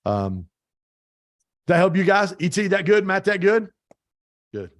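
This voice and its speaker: A middle-aged man speaking as a mentor on a video call, energetic and emphatic, repeating phrases for effect and swearing casually. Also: sits high, measured pace, dry recording, clean studio sound. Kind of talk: motivational talk on a video call.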